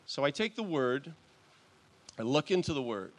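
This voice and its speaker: A male pastor preaching a sermon in a church, in a conversational, halting way with restarts and soft chuckles. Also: on the high side, very animated.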